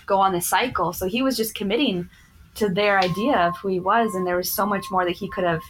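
A woman's voice: medium pitch, fairly quick, background noise. A woman in her thirties, a yoga teacher, earnestly telling stories from her work as an interview guest, with lots of "like" fillers. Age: 30s. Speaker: yoga teacher in addiction recovery. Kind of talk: personal storytelling in conversation.

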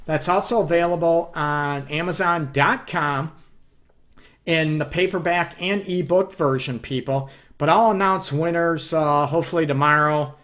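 A man hosting a live relationship advice show, talking to viewers in an animated, repetitive way and often calling them "people". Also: a little high, a little slow. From Detroit area. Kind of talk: live-streamed advice talk.

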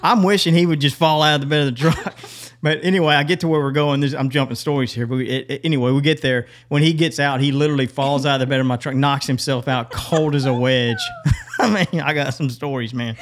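A man, co-hosting a podcast, telling stories in a lively way, laughing often and acting out what people said. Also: medium pitch, fast talker, a little hiss or hum. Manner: animated, laughs often, acts out quotes. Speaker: podcast co-host. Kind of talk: casual storytelling chat.

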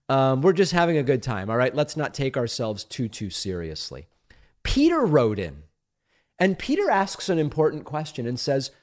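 A man's voice: mid-range voice, big pitch swings, moderate pace. A middle-aged man born in Argentina, hosting a political talk show, reading listener mail aloud and answering it in a conversational, emphatic, playfully defensive way.

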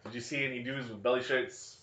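A man's voice: medium pitch, fairly even intonation, fast talker, fairly bright tone. A man in his thirties co-hosting a podcast, chatting about a movie in a sardonic, casual way with plenty of swearing. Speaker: podcast co-host. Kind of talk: casual movie review chat. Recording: echoey room, dull lo-fi sound.

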